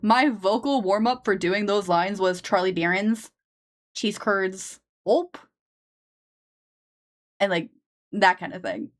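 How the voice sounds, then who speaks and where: A young woman streamer talks casually to her viewers as she works on a drawing, in a middle-pitched voice. She takes her time over each sentence, laughs often, and swears in an offhand way. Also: slow pace, long pauses.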